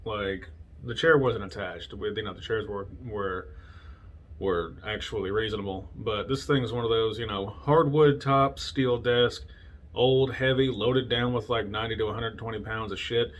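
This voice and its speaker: A man's voice: fairly low pitch, fairly even intonation, moderate pace. A man hosting a casual solo talk show, telling stories from his past bluntly and with lots of swearing, laughing at himself now and then. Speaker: podcast host.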